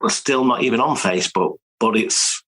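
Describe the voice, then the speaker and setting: A man from England talking casually as a guest, telling animated stories and acting out what people said, now and then swearing. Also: mid-range voice, moderate pace, slightly rough, rough recording. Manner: animated storyteller, swears, acts out quotes. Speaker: guest, collector. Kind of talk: casual interview chat. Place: home studio with archive.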